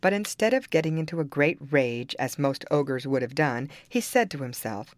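A woman reading a fairy tale aloud in calm, even-paced storybook narration. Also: deep voice, normal speed, dry recording.

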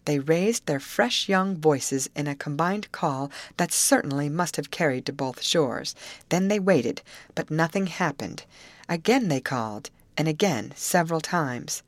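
A woman narrating an audiobook chapter in an even, measured storytelling manner. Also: low voice, no room sound. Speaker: audiobook reader.

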